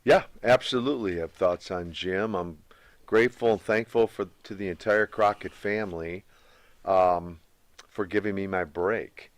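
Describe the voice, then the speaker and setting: Older male interview guest, mid-pitched, dry close mic, loose anecdotal delivery. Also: measured pace, no room sound. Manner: rambling, self-repeating anecdotes. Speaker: guest, former pro wrestler. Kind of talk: casual storytelling interview.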